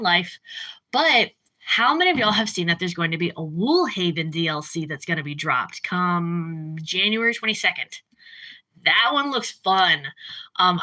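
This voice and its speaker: A woman streamer chatting casually with her live chat, rambling and jumping up in pitch when she gets worked up. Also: pushed and bright. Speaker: livestreamer.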